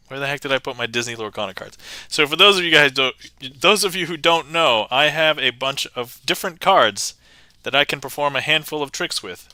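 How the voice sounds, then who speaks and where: A man's voice: fairly high pitch, bright, forceful tone, smooth, no echo. A man hosting a live stream, chatting casually while he performs card tricks. He is playful, laughs often and reads viewer comments aloud. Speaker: magic livestreamer.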